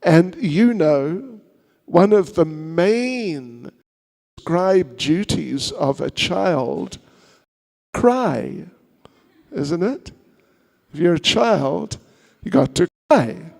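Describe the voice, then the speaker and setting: A monk tells a story to his congregation with a playful manner and chatty asides. His voice sits high and carries a gravelly texture. The recording has a long hall reverb. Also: expressive, drawn-out words, darkish tone. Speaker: monk giving a seminar. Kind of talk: storytelling sermon.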